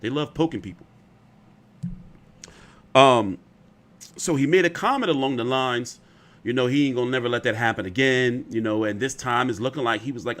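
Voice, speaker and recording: A man's voice: medium pitch, moderate pace, long pauses, fairly bright tone. Opinionated man riffing on boxing news. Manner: opinionated, rambling, profane. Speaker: boxing commentary host. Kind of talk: casual boxing commentary.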